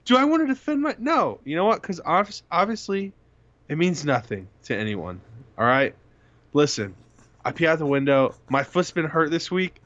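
A man's voice: a little high, sing-song, moderate pace, fairly bright tone, no room sound. A young man co-hosting a casual podcast, joking around and swearing freely. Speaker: podcast co-host. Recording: dull lo-fi sound.

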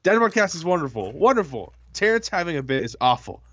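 A man's voice: fairly high pitch, big pitch swings, fast talker, a bit bright, pitched above the performer's own voice. Man doing a blustery old politician impression. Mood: bombastic. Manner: choppy boastful one-word declarations.

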